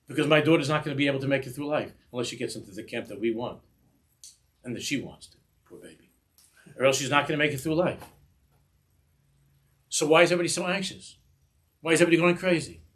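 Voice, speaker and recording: A middle-aged man, a rabbi, giving an animated Torah class, acting out little dialogues and sprinkling in Yiddish and Hebrew words. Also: fairly high pitch, fast talker, pauses often.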